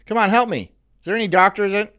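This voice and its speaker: A man hosting a reaction stream, talking in a mocking, loud way and repeating his jokes. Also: high voice, fast talker. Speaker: streamer host.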